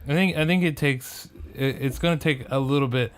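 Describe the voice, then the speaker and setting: A man's voice: mid-range voice, a little fast, clear, resonant tone. A man co-hosting a podcast, chatting casually and reacting with short remarks. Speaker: podcast co-host. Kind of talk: casual chat.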